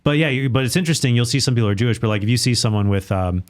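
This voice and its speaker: A man, a Catholic apologist guest on a podcast, telling stories in quick, chatty bursts with many restarts. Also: mid-range voice. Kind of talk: casual podcast chat.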